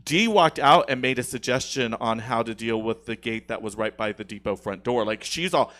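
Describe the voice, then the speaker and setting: A man's voice: mid-range voice, normal speed, few pauses, fairly bright tone. A man as a guest on a podcast, telling a long, indignant story in casual studio chat, with many restarts.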